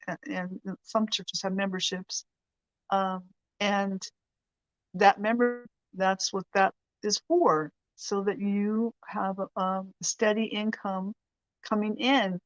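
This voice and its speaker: A woman's voice: medium pitch, level tone, takes it slowly, no room sound, lo-fi sound. A woman hosting a weekly prayer show, giving a chatty, rambling faith lesson with frequent laughs. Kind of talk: casual faith teaching.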